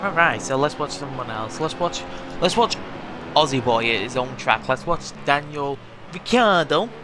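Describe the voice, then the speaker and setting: A man's voice: mid-range voice, normal speed. Rambling man over game noise. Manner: rambling, filler-heavy chatter. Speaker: gaming video host. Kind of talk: casual gameplay commentary.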